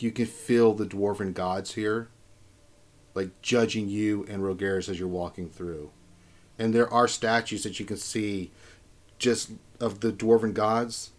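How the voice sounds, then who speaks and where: A young man narrating as game master in a casual, halting way with fillers. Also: on the low side.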